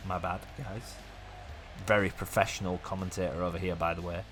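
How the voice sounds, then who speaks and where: A man hosting a gaming video, giving chatty play-by-play commentary that rambles and jumps up with excitement at big moves. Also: sits low, moderate pace, breathy edge, soft background music. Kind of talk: casual play-by-play game commentary.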